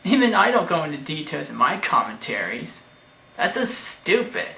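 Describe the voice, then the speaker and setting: A man's voice: fairly high pitch, sing-song, normal speed, creaky, background noise. A man giving a taunting, dismissive commentary on a video. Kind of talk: mocking commentary. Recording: echoey, dull lo-fi recording.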